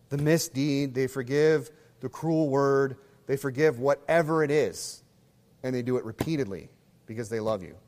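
A pastor delivering a conversational sermon, acting out little scenes in other voices. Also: male voice, mid-range voice, a little mellow, big-room sound.

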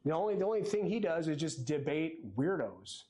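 A man's voice: on the high side, sing-song, moderate pace, dark tone. A man preaching a sermon from a church pulpit, earnest and exhorting in a conversational way. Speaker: lay preacher.

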